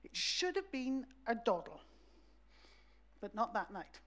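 A woman preaching a sermon in a church, telling the story in a lively way and acting out the voices. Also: on the high side, takes it slowly.

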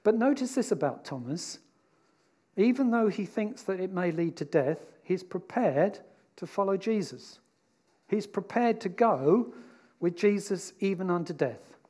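A man giving a sermon in a relaxed, conversational way. His voice sits a little high for a man, and he often slips into the voices of the people in his story. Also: measured pace. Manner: conversational and animated, voicing the disciples. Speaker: preacher.

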